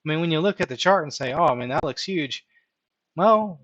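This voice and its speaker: A man hosting a live stream, walking viewers through his reasoning out loud and often checking in with "right?". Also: a little high, animated, fairly quick, no echo, highs cut off. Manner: thinks aloud, tags points with "right?". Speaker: live-stream host teaching stock options. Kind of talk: unscripted live-stream walkthrough.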